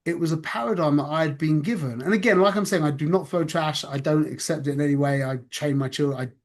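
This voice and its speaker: A man's voice: a little high, fast talker. A man giving an earnest, conversational spiritual talk from his office. He repeats phrases and keeps checking in with his listeners. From North London, England. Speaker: spiritual teacher.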